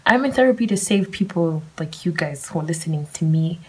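A young woman hosts a solo podcast, rambling candidly and swearing casually as she shares her thoughts. Her voice is on the low side, animated, slightly rough, and a little fast, and the audio quality is poor.

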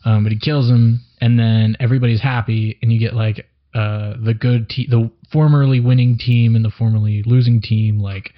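A man's voice: mid-range voice, fairly even intonation, normal speed, few pauses. Rambling young man, casual chat. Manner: rambling, loose, swears casually. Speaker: podcast co-host. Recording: dull lo-fi recording.

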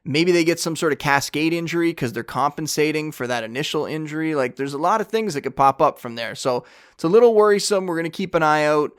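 A man's voice: fairly high pitch, quick pace, smooth. A man hosting a casual sports podcast, talking through news and asking his guest questions. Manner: conversational, relaxed analysis. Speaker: podcast host. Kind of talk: casual chat.

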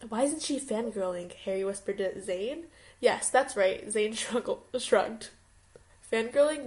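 A woman's voice: mid-range voice, a little mellow. A young woman casually reading a story aloud, often breaking into laughter as she goes. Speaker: co-host reading fanfiction aloud.

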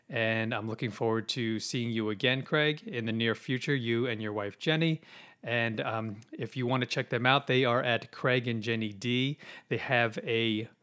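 A man's voice: mid-range voice, a bit bright. A man hosting a podcast, talking casually with many fillers and restarts. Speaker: podcast host.

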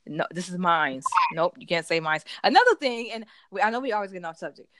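A woman co-hosting a casual podcast chat, telling animated stories. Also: medium pitch, fast talker, dry recording. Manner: chatty storyteller, animated retellings. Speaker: podcast co-host.

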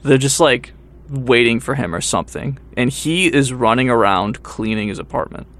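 A man's voice: mid-range voice, normal speed, a bit bright. A young man telling a story in casual podcast chat, acting out what people said, laughing often and swearing freely. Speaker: podcast co-host.

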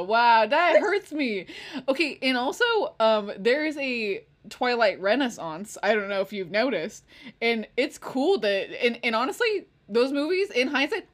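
Lively, animated young woman. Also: a little high. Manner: laughing, animated storytelling. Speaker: co-host. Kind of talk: casual chat.

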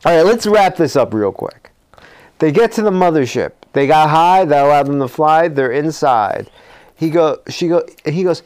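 A man co-hosting a comedy podcast, spinning an improvised horror movie plot aloud. He talks in a fairly high voice, full of fillers and restarts. He rambles on energetically, frequently breaking into laughter. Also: expressive, normal speed, darkish tone. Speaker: podcast co-host.

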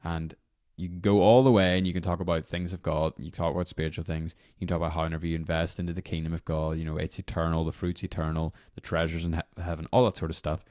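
A young man with a very low, deep, darkish voice hosts a devotional podcast, speaking fast with a level tone and few pauses. He rambles casually, apologizing for his tangents as he leads into guided prayer. The recording is dry and close-miked, with no room sound.

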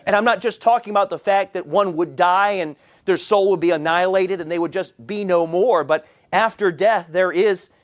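A man's voice: high-pitched, normal speed, few pauses. A man preaching a sermon as pastor, often repeating words as he restarts phrases. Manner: animated preaching with frequent stammered repeats. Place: church.

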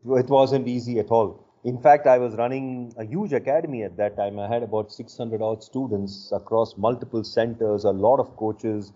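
An older man speaks as a guest in an interview, measured and thoughtful as he tells his stories. His voice is mellow and warm, and the recording sounds a bit dull and lo-fi. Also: mid-range voice. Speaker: executive coach, interview guest. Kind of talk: reflective interview storytelling. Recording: muffled lo-fi audio.

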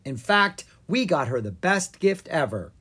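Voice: mid-range voice, big pitch swings, a little slow, fairly bright tone, husky, voice pushed up, heavily acted. A reader voicing a cheeky, stubborn young boy dragon in a storybook.

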